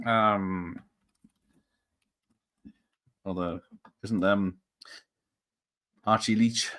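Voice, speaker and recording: A man's voice: fairly low pitch, fairly even intonation, extremely slow, pauses often, a bit bright. Rambling man chatting live. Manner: rambling, chuckling, with many fillers and restarts. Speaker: host of a live show. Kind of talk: casual live-stream chat, reading comments.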